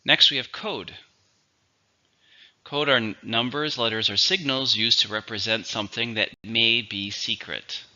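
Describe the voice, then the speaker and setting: Bright-voiced man teaching vocabulary. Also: mid-range voice. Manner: slow, careful pronunciation drills. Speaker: English teacher. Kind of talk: vocabulary lesson. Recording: dull lo-fi recording.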